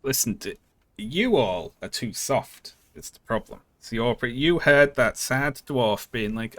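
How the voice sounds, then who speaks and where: A man's voice: mid-range voice, lively intonation, a little slow, a bit bright, no echo. A man streaming a video game, giving casual commentary in a joking, sarcastic way and laughing often.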